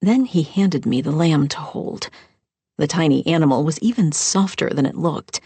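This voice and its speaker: A woman with a husky, gravelly voice narrating a first-person audiobook in a measured way. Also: low-pitched, darkish tone, no room sound.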